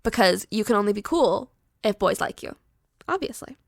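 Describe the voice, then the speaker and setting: A young woman podcast host casually pitching a horror story, chatty and animated with lots of filler words. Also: moderate pace, vocal fry, no echo, studio quality.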